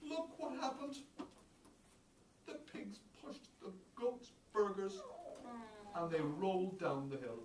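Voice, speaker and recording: A man's voice: high-pitched, very animated, slow, pauses often. A man with an Irish accent telling a story to preschoolers in a playful, exclamatory way, asking them questions as he goes. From Ireland. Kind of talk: animated storytelling for children. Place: preschool classroom. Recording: roomy, far from the mic, noisy.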